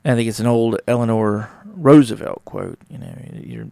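Podcast host, male, gravelly with heavy fry, casual and rambling, dry close sound. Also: on the low side, normal speed, dark tone, dry recording. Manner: rambling, conversational, acts out little dialogues. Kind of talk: casual solo talk on relationships.

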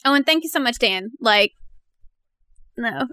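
A woman player chatting casually, nervous and giggly, often trailing off quietly. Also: a little high, lively intonation, measured pace, no echo. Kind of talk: casual chat.

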